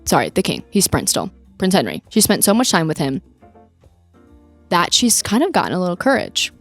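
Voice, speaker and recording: A young woman with a lowish voice talks through a movie in a relaxed podcast chat. She retells the scenes with animated energy. Soft music plays faintly underneath. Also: normal speed. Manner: animated retelling with acted-out quotes. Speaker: podcast co-host. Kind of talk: casual movie-review chat.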